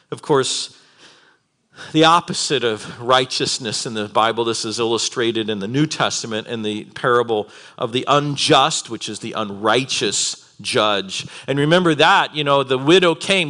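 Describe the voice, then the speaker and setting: A man teaching a Bible conference session, earnest and building from quiet reflection to fervent emphasis. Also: mid-range voice, lively intonation, a little slow.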